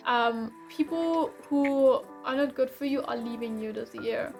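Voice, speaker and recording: High-voiced chatty tarot reader, woman. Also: measured pace, creaky. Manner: chatty, rambling, with many fillers and self-corrections. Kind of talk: casual tarot reading. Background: faint instrumental music.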